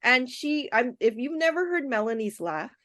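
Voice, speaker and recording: A woman's voice: sits high, very animated, normal speed, fairly bright tone, dry recording. Woman guest, chatty storyteller, voices the people she quotes, dry close sound. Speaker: festival programmer, guest. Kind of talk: casual storytelling in a podcast interview.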